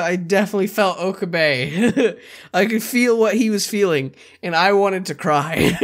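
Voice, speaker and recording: A young adult YouTuber reading a translated light novel aloud in an earnest, emotional way, then reacting casually and swearing now and then. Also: mid-range voice.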